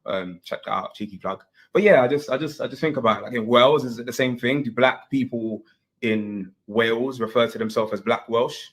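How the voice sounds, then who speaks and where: A man's voice: medium pitch, brisk, fairly bright tone. A man with a London accent, musing in a casual vlog with loose, filler-heavy talk. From London, England. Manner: reflective, loose, full of fillers. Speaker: content creator.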